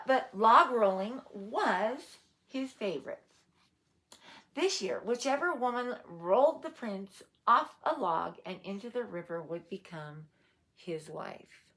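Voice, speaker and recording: A woman reading a picture book aloud at a slow, unhurried pace. She stops now and then to ask her young listeners playful questions. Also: medium pitch, a bit bright. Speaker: storyteller. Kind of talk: read-aloud storytime for children.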